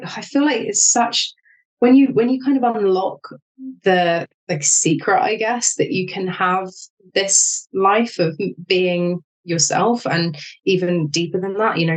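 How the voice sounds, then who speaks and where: A woman hosting a podcast, talking candidly in an animated storytelling way with frequent fillers. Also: mid-range voice, measured pace, rough recording. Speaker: podcast host. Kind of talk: casual conversational interview.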